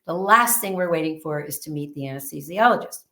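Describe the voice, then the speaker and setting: Animated woman telling a story, a bit under the weather. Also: deep voice, fairly quick, gravelly. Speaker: guest. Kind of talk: storytelling in an interview.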